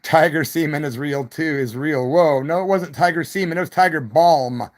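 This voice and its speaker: A middle-aged man who plays in a rock band spins loose, rambling stories for his live-stream viewers. His voice sits a little high for a man, and he drops slang and the occasional whooping hoot as he talks. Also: normal speed. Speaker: rock musician hosting a live chat. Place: at home, evening live stream.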